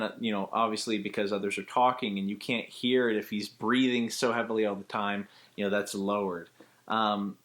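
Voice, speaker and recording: A man who works as a voice actor, giving a casual spoken tutorial and explaining voice technique step by step in a chatty, relaxed way. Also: on the low side.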